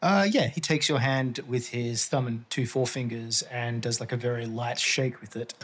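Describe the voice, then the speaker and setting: A man narrating as game master of a tabletop game, relaxed with many filler pauses. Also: mid-range voice, husky.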